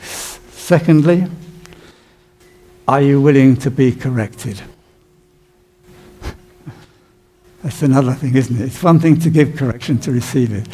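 A man's voice: medium pitch, takes it slowly, long pauses, dark tone, breathy edge. A male pastor giving a sermon in a conversational, storytelling way. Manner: conversational storytelling with plain emphasis.

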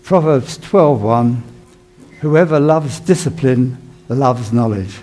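A man's voice: medium pitch, takes it slowly, mellow, soft background music. A male pastor giving a sermon in a conversational, storytelling way. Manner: conversational storytelling with plain emphasis.

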